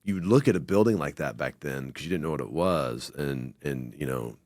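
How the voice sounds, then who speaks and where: A man hosting a casual interview, telling animated, slangy anecdotes full of acted-out quotes. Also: very deep voice, brisk, no echo. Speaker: host.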